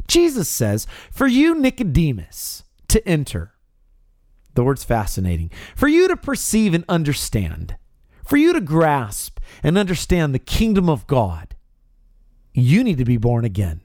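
A man preaching an expository sermon, with emphatic stresses that rise high and drop low. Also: huge pitch swings, measured pace, a little mellow, no room sound, clean studio sound.

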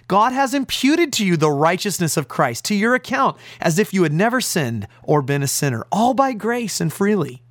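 Male pastor, emphatic sermon delivery, lively swooping pitch, dry close sound. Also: no room sound. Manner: emphatic preaching with rhetorical questions. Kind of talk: radio sermon.

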